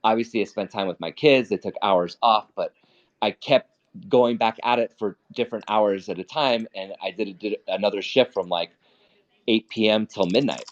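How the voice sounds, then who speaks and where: A man's voice: lowish voice, moderate pace. A man hosting a casual live trading talk, blunt and profane, who often repeats and restarts his words. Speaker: stock trading host. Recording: dull lo-fi audio.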